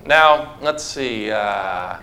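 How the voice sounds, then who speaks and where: A man's voice: fairly low pitch, expressive, drawn-out words, noisy background. A man preaching a sermon to a congregation, asking rhetorical questions and talking them through simple object lessons. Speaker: pastor. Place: church before a congregation.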